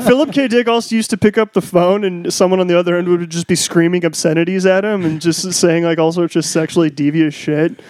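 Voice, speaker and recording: A man's voice: sits high, fairly even intonation, brisk, hardly any pauses, a little mellow, dry recording. A man co-hosting a casual podcast chat, joking and laughing as he riffs on running gags. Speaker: podcast co-host.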